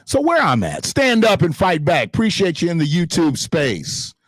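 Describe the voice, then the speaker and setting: A male livestream host rants in a fiery, profane, emphatic way, unscripted, from a home setup with a desktop streaming mic in front of a green screen. His fairly high voice swings hugely in pitch and has a breathy edge, at a moderate pace on a dry recording.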